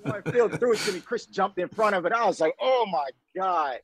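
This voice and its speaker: A man in his thirties, a former pro football player, telling stories in a casual interview, slangy and animated, acting out what people said. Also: high voice, fast talker, rough recording. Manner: animated, slangy storyteller acting out quoted dialogue.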